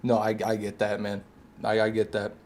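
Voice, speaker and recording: A man's voice: lowish voice, monotone, normal speed, a little mellow. A man streaming a game live, chatting casually with viewers and answering their comments, sometimes with sarcastic jabs.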